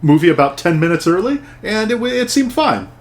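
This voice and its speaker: A man's voice: high voice, sing-song, fairly quick, slight background noise. A man co-hosting a casual podcast, with dry humor and a hesitant, filler-heavy delivery. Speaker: podcast co-host.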